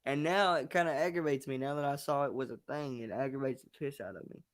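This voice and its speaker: A man's voice: mid-range voice, quick pace, no room sound, studio quality. Frustrated young man venting on a podcast. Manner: frank, venting, emphatic. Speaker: wrestling show host. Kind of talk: casual chat.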